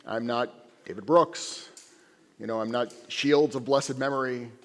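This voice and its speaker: A man giving a sermon as a rabbi, an animated, conversational storyteller speaking in a synagogue sanctuary. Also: medium pitch, measured pace. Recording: echoey sanctuary.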